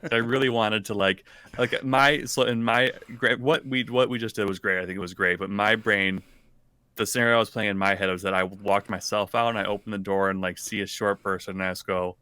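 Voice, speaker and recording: A man's voice: on the low side, little pitch movement, a little fast, pushed and bright, smooth, dry recording. A man who plays a character on the podcast, chatting casually and rambling with many self-corrections. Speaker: player and podcast co-host. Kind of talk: casual chat.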